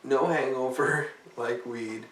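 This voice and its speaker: A tired man rambles slowly through a casual vlog, cursing and cracking jokes as he goes. His voice sits back from the mic and echoes around the room. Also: mid-range voice, fairly even intonation, fairly bright tone. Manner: rambling, profane and jokey. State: tired, yawning. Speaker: vlogger. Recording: roomy, mic far off.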